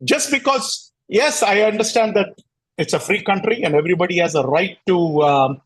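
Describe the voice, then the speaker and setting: A man's voice: high-pitched, normal speed, slight background noise, poor audio. A man hosting a cricket talk show, ranting in a combative, sarcastic way and often repeating himself. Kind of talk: heated casual rant.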